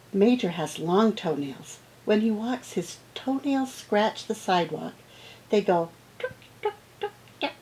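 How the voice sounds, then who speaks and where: A woman with a medium-pitched voice reads aloud to young children, playfully acting out the sound words. Her teacher talk is slow and warm-up in style, full of playful sound effects. The audio is poor, with slight background noise.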